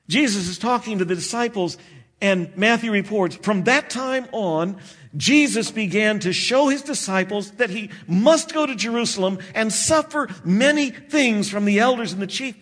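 A man preaching a sermon, expressive and slowing down for emphasis. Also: high-pitched. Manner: expressive preaching, acts out disciples' voices, slows for emphasis. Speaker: pastor.

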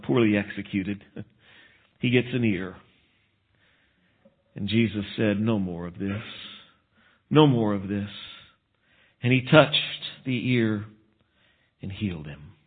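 Male preacher, animated storytelling sermon, narrow tinny recording. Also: medium pitch. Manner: animated storytelling with asides and chuckles. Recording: tinny phone-like sound.

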